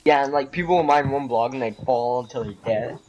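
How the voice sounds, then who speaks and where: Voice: medium pitch, fairly quick, highs cut off, a crowd in the background. A player joking and teasing teammates in casual voice chat during a game. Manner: teasing, playfully pushy. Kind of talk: casual voice chat while gaming.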